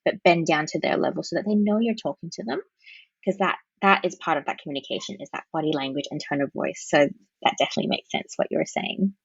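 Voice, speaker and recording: Husky low-voiced woman counsellor. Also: fast, no room sound, highs cut off. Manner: practical, explanatory, gives example phrases. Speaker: parent-child counsellor, guest. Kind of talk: podcast interview answers.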